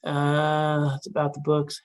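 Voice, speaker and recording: A man telling a traditional story casually at a community meeting, relaxed and animated. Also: a little high, slow.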